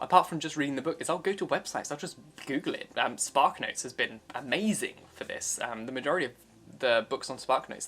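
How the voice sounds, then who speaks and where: A man's voice: on the high side, a bit bright. A young man, an audiobook narrator, explaining his process in a chatty, upbeat way. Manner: chatty, upbeat, with frequent fillers. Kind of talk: casual explanatory vlog talk.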